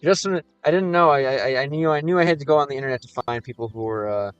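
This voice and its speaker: A man's voice: mid-range voice, fast talker, smooth, no echo, muffled recording, soft background music. Easygoing American man chatting on stream. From United States. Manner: chatty and easygoing, reads viewer questions aloud. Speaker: livestreamer. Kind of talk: casual livestream chat with viewers.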